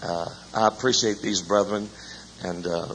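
A man's voice: low-pitched, steady tone, measured pace, a bit bright. An older man preaching a sermon in a church, a folksy storyteller who jokes with the congregation. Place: church sanctuary. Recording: echoey church hall, faint noise.

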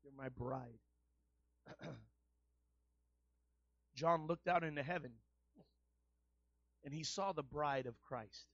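A man pastor preaching a sermon in a colloquial style, rising to loud shouted refrains. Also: on the high side, slow, pauses often, no room sound, highs cut off.

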